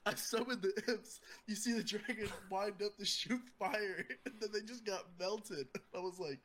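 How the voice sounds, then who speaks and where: A man's voice: sits high, moderate pace, a bit bright, a little hiss or hum. A man with a slightly raised voice chats casually about games with friends. He laughs often and swears easily as he tells his story. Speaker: podcast co-host. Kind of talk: casual gaming chat.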